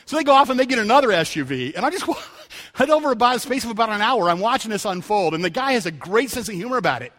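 High, bright-voiced man preaching in a hall. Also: animated, fast talker. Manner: storytelling, conversational with rising emphatic calls. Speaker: pastor. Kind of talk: sermon. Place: church sanctuary. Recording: church hall reverb.

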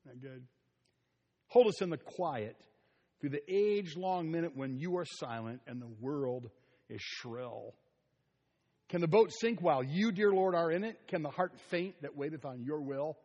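A middle-aged man preaching a sermon, telling stories with asides and soft chuckles. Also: a little high, normal speed, breathy edge, highs cut off. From Ohio. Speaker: pastor. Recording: long reverb of a large hall.

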